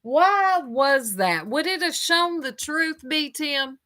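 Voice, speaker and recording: A woman's voice: sits high, animated, slow, sharp tone. Sarcastic woman mocking a clip. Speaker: commentary streamer. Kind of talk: reaction commentary on a clip.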